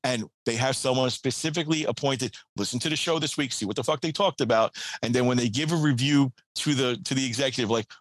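A man's voice: medium pitch, fast talker, hardly any pauses, no echo. A man on a podcast in a fiery, profane comedic rant, laughing between lines. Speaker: guest podcaster.

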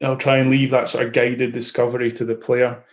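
Male host, coach type, mid-pitched, thoughtful and stop-start. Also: completely flat delivery. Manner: reflective, halting with frequent restarts. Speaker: podcast host and football coach. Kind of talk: casual interview.

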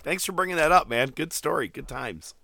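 A man's voice: a little high, a little fast, creaky. A man, casually recapping wrestling on a podcast and animatedly acting out what people said, swearing freely. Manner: animated storytelling, swears freely, acts out quotes. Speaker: podcast co-host.

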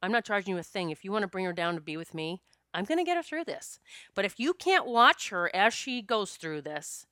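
Bright, crisp-voiced woman telling a story. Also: mid-range voice, expressive, a little fast, no echo, clean studio sound. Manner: earnest, conversational, with frequent restarts. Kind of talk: personal spiritual storytelling monologue.

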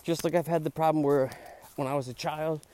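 A man's voice: a little high, steady tone, fairly quick, dark tone, slight background noise. Middle-aged Philly guy, chatty podcast host, walking outdoors, loose rambling delivery full of "dude". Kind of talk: casual walk-and-talk monologue. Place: outdoors on a park trail.

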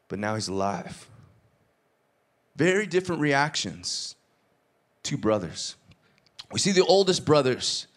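A man preaching a sermon, retelling a parable with lively acted-out dialogue and casual asides. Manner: animated storytelling, acts out dialogue with shifting pitch. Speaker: pastor.

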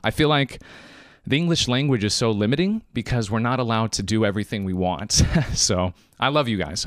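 A man's voice: medium pitch, dry recording, studio quality. A man hosting a live-streamed podcast monologue, emphatic and choked up, repeating phrases for emphasis. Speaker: podcast host.

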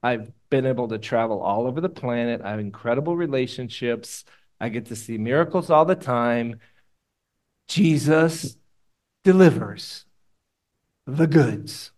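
A male pastor delivering a sermon, moving between loud exhortation and quiet, hushed prayer. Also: mid-range voice, fairly quick. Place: church room with congregation.

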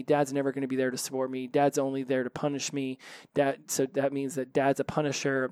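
A man's voice: fairly high pitch, a little mellow, no echo, studio quality. A man hosting a solo recovery podcast, talking earnestly and animatedly, often repeating phrases for emphasis.

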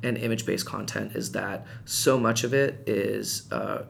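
A man telling a personal story in casual podcast chat, animated and rising in pitch when reliving heated moments. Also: unhurried, vocal fry, a little hiss or hum. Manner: frequent restarts and fillers, conversational. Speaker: podcast guest.

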